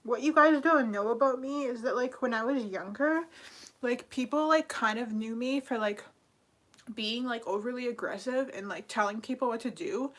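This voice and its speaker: A woman's voice: a little high, normal speed, a bit bright. A young woman talking casually on a livestream, rambling with lots of fillers and apologizing for herself. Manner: rambling, filler-heavy, self-critical. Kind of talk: casual live-stream chat.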